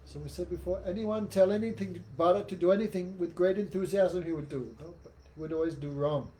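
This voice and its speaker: A man teaching a class by telling a story in an animated way, chuckling and often adding a rhetorical "No?". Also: sits high, fairly quick, few pauses, slight background noise. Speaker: spiritual teacher. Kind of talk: storytelling lesson.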